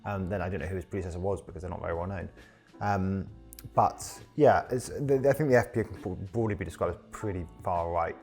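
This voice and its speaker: A man's voice: low-pitched, fast, darkish tone, soft background music. A man hosting a casual podcast discussion, explaining at length with many ums and restarts. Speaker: podcast host.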